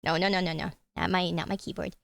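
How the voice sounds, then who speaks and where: A woman's voice: on the low side, fairly even intonation, fast, gravelly, no echo. A woman streaming live, chatting casually and giggling often, with a casual habit of swearing.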